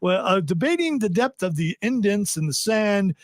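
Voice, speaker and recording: A man's voice: high-pitched, sing-song, normal speed, dry recording, clean studio sound. A man hosting a radio talk show, joking and rambling while reading news items. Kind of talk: casual radio banter. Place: radio studio. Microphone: studio mic.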